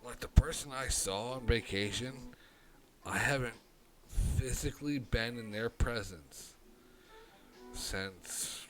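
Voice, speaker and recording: Slow-talking man with a southern drawl. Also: mid-range voice. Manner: rambling, halting, with many restarts and swearing. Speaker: streamer. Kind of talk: casual live-stream monologue. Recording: loud music behind the voice.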